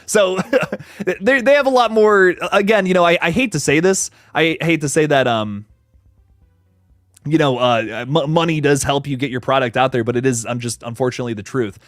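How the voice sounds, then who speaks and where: An upbeat young man hosts a casual livestream, thanking viewers by name and rambling through his thoughts. His voice sits a little high for a man. The sound is dry and close, with almost no room around it. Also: normal speed, no room sound, faint music behind. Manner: rambling, many restarts and fillers, laughs easily. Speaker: horror channel host reading live chat.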